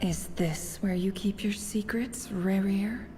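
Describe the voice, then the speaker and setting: A woman's voice: medium pitch, fairly even intonation, slow, dark tone, faint music behind, lightly acted. An actress voicing a curious young woman adventurer who searches an office in a whisper, whispered role-play. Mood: hushed curious. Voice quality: whispered, gravelly.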